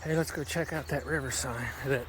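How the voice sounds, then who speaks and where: A man's voice: medium pitch, fairly even intonation, a little fast, noisy background. A man chatting casually on a fishing vlog, folksy and jokey, walking by a river with a handheld camera. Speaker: fishing vlogger. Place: outdoors by a river.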